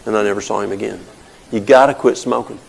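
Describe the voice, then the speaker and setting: A man's voice: lowish voice, steady tone, fast talker, gravelly, husky, rough recording. An older man giving a folksy teaching talk, telling stories and explaining with plain everyday examples. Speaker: health talk presenter.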